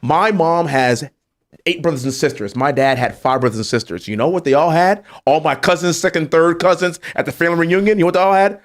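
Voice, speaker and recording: A man's voice: fairly high pitch, a little fast. A man, a congressman guest, making emphatic points. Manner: emphatic, animated storytelling. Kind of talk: political talk show discussion.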